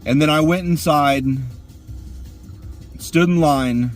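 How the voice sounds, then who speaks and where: A man's voice: a little high, slow pace, soft background music. A man ranting crudely and profanely while sitting in his car. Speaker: vlogger.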